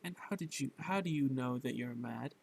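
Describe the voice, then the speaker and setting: A man's voice: medium pitch, normal speed, creaky, a little mellow, breathy edge, low-quality recording. A man reading the part of a curious, polite young girl in a bedtime story, stumbling over words and correcting himself. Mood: polite puzzlement.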